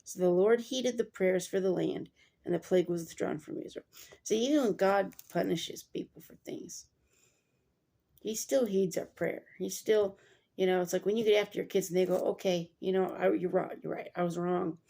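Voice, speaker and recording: Woman, Bible reading vlog, chatty asides, lots of fillers, mellow, dark tone. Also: medium pitch, normal speed, creaky. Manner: chatty, digressive, many fillers. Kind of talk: Bible reading with casual commentary.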